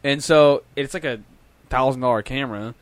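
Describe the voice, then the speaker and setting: A man's voice: mid-range voice, moderate pace, clean tone, dry recording. A young man in his twenties telling rambling stories in casual chat, swearing constantly and often breaking into laughter.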